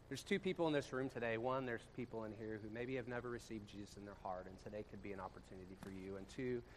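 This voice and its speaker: A male pastor giving a casual storytelling sermon to a congregation, talking conversationally and swinging from loud bursts to quiet, low passages. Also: slight background noise. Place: church room with a congregation.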